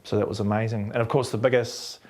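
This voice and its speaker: A man's voice: fairly low pitch, fast. A man with a New Zealand accent, an actor telling anecdotes in an interview and acting out what others said. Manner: animated, acts out quotes of others.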